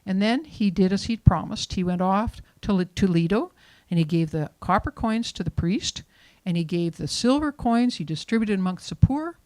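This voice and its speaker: A woman hosting a storytelling event, finishing a folk tale in a relaxed manner and introducing the next teller. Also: medium pitch, moderate pace, no echo. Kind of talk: storytelling to a live audience.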